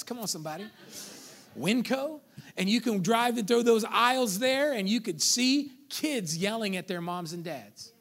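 A man preaching a sermon as pastor, swinging between loud peaks and hushed drops and acting out quoted voices in conversational asides. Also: high voice.

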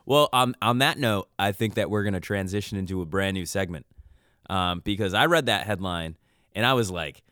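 A man's voice: deep voice, brisk, a bit bright, clean tone, no room sound, studio quality. A young man co-hosting a podcast, rambling and joking in casual chat and laughing often. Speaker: podcast co-host.

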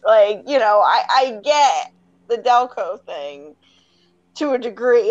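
Lively higher-voiced woman co-host. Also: slow, highs cut off. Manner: lively, filler-heavy talk with lots of "like". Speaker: podcast co-host. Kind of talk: casual chat.

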